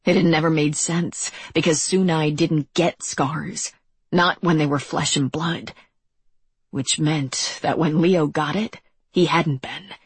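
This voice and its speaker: An audiobook narrator reads in a slow, measured way. The voice is very breathy and husky, and the recording is close and dry. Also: mid-range voice, no echo. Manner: measured, even dramatic reading.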